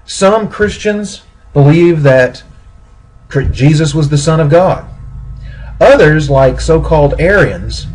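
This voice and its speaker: A man giving a recorded history lecture, explaining steadily with pauses and small self-corrections. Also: fairly high pitch, a little mellow, breathy edge, poor audio.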